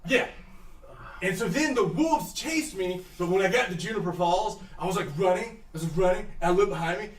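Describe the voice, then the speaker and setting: A man's voice: sits high, reverberant, recorded from a distance, lightly acted. A man voicing a panicked young male adventurer who talks like a surfer dude. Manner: frantic, breathless, says dude constantly.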